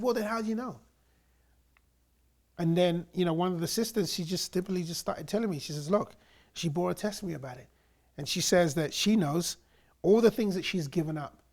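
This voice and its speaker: A man from England telling his personal faith story in a lively, animated way, acting out the quoted voices of others. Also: fairly high pitch, creaky.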